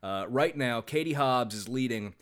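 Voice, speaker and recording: A man's voice: medium pitch, animated, normal speed, clear, resonant tone. A man co-hosting a podcast, chatting casually, laughing often and swearing freely. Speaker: podcast co-host. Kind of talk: casual chat.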